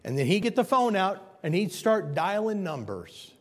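A man's voice: high-pitched, very animated, moderate pace, big-room sound. A man pastor preaching a sermon, telling stories and emphatically repeating his key points.

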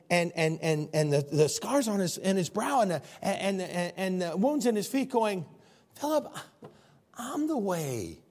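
A male pastor preaches emphatically, stumbling into repeated words as he builds. His husky voice sits a little high and ranges widely in pitch. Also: a little mellow. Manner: emphatic, repetitive restarts. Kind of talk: sermon.

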